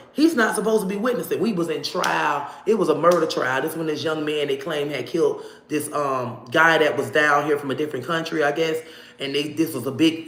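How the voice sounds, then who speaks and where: A woman telling a personal story to camera in a casual, animated way, swearing freely and acting out what people said. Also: sits low, reverberant. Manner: animated, profane, acts out dialogue.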